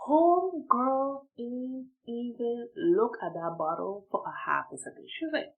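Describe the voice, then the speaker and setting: Woman, from Saint Martin, breathy voice, animated storytime, slangy, chatty. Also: a little high, unhurried, hardly any pauses, rough recording. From Saint Martin, Dutch Caribbean. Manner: animated, laughs between lines, chatty slang. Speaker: vlogger telling a story. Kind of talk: casual storytime.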